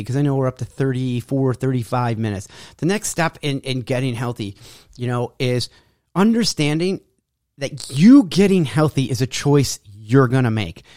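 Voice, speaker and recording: A man's voice: a little high, no echo, studio quality. Blunt, preachy male fitness coach. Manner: blunt, preachy, mocks excuses in quoted voices. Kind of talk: motivational monologue.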